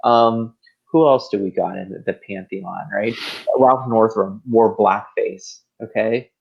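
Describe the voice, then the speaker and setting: Guy ranting on a podcast, sarcastic and fired up, kinda husky, dull lo-fi sound. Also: fairly low pitch, a little slow. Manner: heated, sarcastic, repetitive. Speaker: podcast co-host. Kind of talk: political rant.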